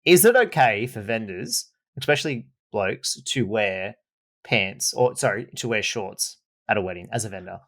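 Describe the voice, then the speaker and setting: A man's voice: lowish voice, expressive, moderate pace, fairly bright tone. A man, a wedding vendor co-hosting a podcast, joking and bantering in casual chat.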